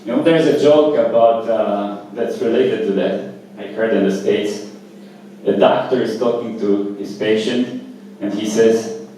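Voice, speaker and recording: A man performing open mic stand-up comedy at a small cafe, talking in a casual, halting way with lots of fillers. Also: on the low side, steady tone, warm tone, very echoey, recorded from a distance, a little hiss or hum, rough recording. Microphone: handheld stage mic.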